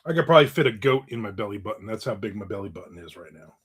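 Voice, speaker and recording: A man's voice: on the low side, expressive, rapid-fire, fairly bright tone, husky. A middle-aged man hosting his own casual live show, chatting, telling everyday stories and joking with viewers. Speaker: host of a live video show. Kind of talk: casual chat reading viewer comments.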